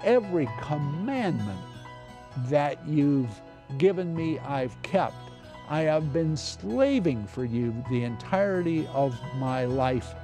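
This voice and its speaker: A man's voice: on the high side, sing-song, heavily acted. A man voicing a bitter, resentful elder brother. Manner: slow, complaining, aggrieved delivery. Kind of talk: dramatic scripture reading. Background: faint music.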